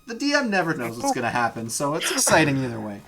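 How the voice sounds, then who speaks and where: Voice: mid-range voice, fast, a little hiss or hum. A dungeon master chatting with the players on a live stream, laughing often and talking loosely. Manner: chatty, laughs easily, lively. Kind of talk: running a tabletop game on a live stream.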